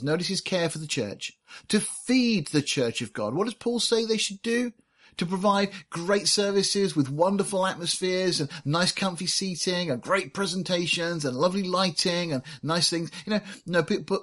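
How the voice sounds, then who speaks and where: A middle-aged man preaching to his congregation in an earnest, teaching manner. His voice sits a little higher than most men's, and he reads scripture aloud with deliberate emphasis. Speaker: pastor. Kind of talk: sermon.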